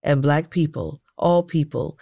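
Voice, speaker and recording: A man reads his memoir aloud in a measured, earnest way. His voice sits a little higher than most men's. It is recorded close and dry, with no room sound at all. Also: gravelly, dark tone, no echo. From United States. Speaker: memoir narrator. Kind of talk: audiobook memoir narration.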